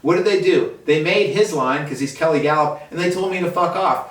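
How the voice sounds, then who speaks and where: A man's voice: on the high side, a little fast, a bit bright. A man in a fly shop, ranting profanely about fishing line in casual talk, heard from a distance. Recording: echoey room, mic at a distance.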